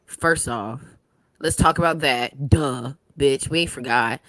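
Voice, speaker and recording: A woman's voice: extremely low pitch, takes it slowly, fairly bright tone, no echo. Fiery, foul-mouthed woman co-host. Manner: fiery, profane ranting. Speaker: guest co-host. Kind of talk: casual podcast chat.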